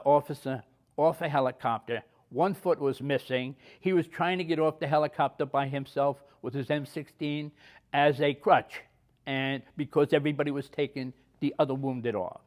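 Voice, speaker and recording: A man in his seventies, an army veteran, telling personal stories in a plain-spoken way. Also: fairly high pitch. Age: 70s. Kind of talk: personal war storytelling.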